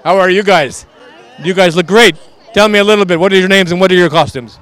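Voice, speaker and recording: Faint music and some chatter sit behind this high-pitched, fast-talking street interviewer with a fairly bright tone. At an outdoor Halloween parade he plays a Transylvanian count claiming to be a businessman, reassuring kids playfully in broken English.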